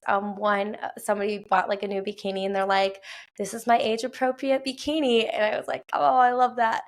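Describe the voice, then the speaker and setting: A woman in her thirties with a Wisconsin accent, hosting a casual solo podcast from a quiet home at night, chatty with lots of fillers and quick laughs. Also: medium pitch. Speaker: podcast host.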